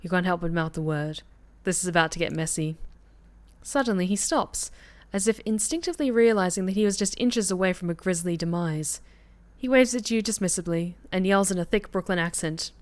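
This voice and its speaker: A woman streaming a story game, reading the narration aloud in a lively way and chatting back to her viewers. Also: medium pitch, fairly quick.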